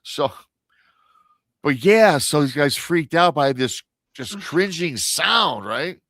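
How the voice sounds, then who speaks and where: On a paranormal radio show, a man recounts an encounter story in a loose, lively manner, voicing the people he quotes and frequently starting his sentences over. His voice sits on the higher side and moves at a slow pace. The recording is dry and of studio quality.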